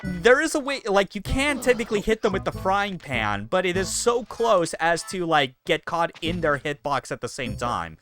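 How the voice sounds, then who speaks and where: A man's voice: high-pitched, sing-song, normal speed, fairly bright tone, soft background music. A man streaming a video game, rambling casually with profane asides as he plays. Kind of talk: casual let's-play commentary.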